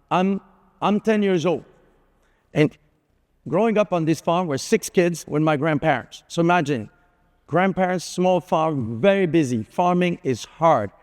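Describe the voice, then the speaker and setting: In a large conference hall with reverberant sound, a middle-aged keynote speaker tells anecdotes. His voice is a little high and a little mellow, and his chatty, conversational delivery is full of fillers.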